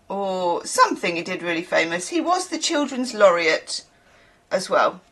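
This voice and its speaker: A woman's voice: on the low side, sing-song, unhurried, fairly bright tone. A woman from the UK, a tarot reader who chats in a rambling way, with laughing asides. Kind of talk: casual chatty reading.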